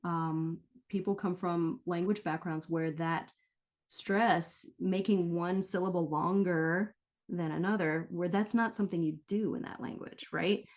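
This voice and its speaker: A woman with a somewhat low voice speaks as a guest in a casual interview. She explains things patiently and keeps checking in with "right?" as she talks. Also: steady tone, measured pace. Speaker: guest, pronunciation coach.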